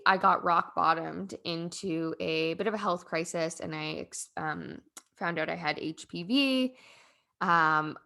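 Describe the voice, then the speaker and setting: Young female podcast host, low-ish voice, casual and rambling, emotional and heartfelt. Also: creaky, fairly bright tone. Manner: rambling, heartfelt, frequent "like" fillers. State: emotional, near tears. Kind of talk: casual personal storytelling.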